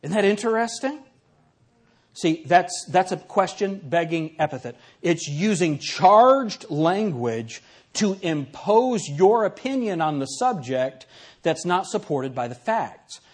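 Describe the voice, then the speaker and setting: A man teaching a class in a lively, conversational lecture. His voice sits a little above the usual pitch for a man and swings widely as he reads examples and asks the room questions. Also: slow pace, breathy edge.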